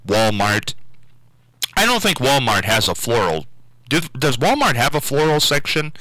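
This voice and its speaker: A man's voice: on the low side, bright, forceful tone, no room sound, low-quality recording. A middle-aged man hosting a local call-in radio talk show, rambling casually with many fillers and restarts.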